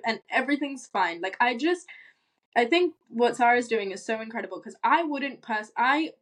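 A young woman with a British accent, a podcast guest who talks in an animated, reassuring way and laughs easily. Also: a little high, normal speed. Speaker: guest, content creator. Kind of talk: casual podcast conversation.

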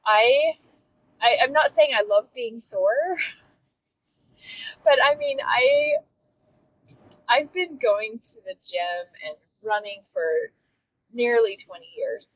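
A woman's voice: fairly high pitch, big pitch swings, slow pace, pauses often, a bit bright, husky, no echo. A woman hosting a podcast and coaching fitness, talking in a heartfelt, reflective solo monologue with frequent restarts. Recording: dull, slightly lo-fi with faint noise.

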